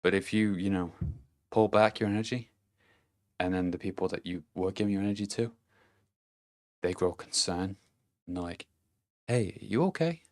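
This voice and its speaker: A man's voice: low voice, level tone, normal speed, pauses often. A man giving a casual motivational monologue to camera, blunt and profane, chuckling between his points. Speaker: vlogger.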